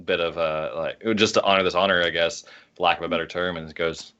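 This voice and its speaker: A man playing in a tabletop game, halting and searching for words. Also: low voice, steady tone, pushed and bright, clean tone, highs cut off. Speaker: player.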